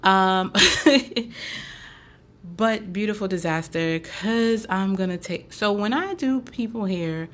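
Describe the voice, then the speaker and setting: A woman's voice: mid-range voice, unhurried, hardly any pauses. A woman from Haiti hosting a casual chat show, talking loosely with lots of fillers. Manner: chatty, loose, full of fillers. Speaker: podcast host and braider.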